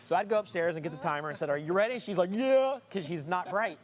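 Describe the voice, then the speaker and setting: A man's voice: fairly high pitch, quick pace. Joking middle-aged man co-hosting a live show. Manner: jokey storyteller, laughs often. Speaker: co-host of live stream show. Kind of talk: casual banter on a live stream. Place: showroom with staff working nearby.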